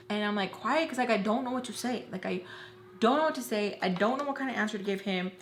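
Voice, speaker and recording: A woman vlogger does makeup while telling a casual storytime, recounting a personal story emotionally and rapidly, packed with "like" and other fillers. Her voice sits in the mid range. The audio has roomy echo and a little hiss or hum.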